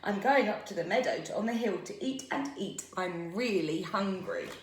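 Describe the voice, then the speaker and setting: A woman's voice: mid-range voice, expressive, normal speed, close to an everyday voice. A woman voicing the youngest billy goat, a small, cheeky young male goat in a storybook reading. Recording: roomy echo.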